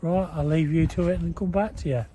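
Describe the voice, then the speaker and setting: A man's voice: fairly high pitch, fairly even intonation, a little fast, noisy background. A man bantering and teasing his friend outdoors in a farmyard at night. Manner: teasing, joking.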